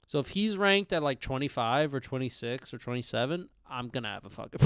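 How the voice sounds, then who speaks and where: A man's voice: a little high, expressive, brisk, few pauses, fairly bright tone, clear, resonant tone, no echo, clean studio sound. A young man hosting a casual sports livestream, talking loosely, laughing, swearing and trailing off. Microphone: headphones on, close mic.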